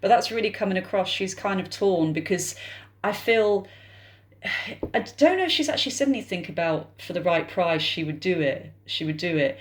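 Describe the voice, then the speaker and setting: A woman with a British accent doing a casual tarot reading, chatting to her viewers and thinking aloud. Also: lowish voice. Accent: British English. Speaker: tarot reader.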